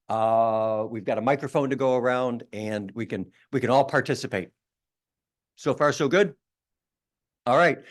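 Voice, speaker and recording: A man, a rabbi and chaplain, giving an emphatic, interactive talk to a church audience and asking them questions. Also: mid-range voice. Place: church meeting room.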